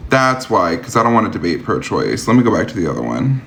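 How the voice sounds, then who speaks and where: A man's voice: low-pitched, sing-song, fast talker, gravelly, fairly bright tone, a little hiss or hum. A man hosting a live-streamed debate, talking bluntly with a sarcastic, argumentative edge.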